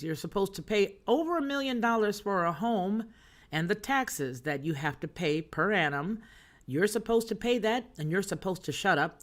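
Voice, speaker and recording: A woman hosting a news and chat livestream, talking to her viewers in a sassy, emphatic way as she reads their comments. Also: lowish voice. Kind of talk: casual chat, reading chat comments.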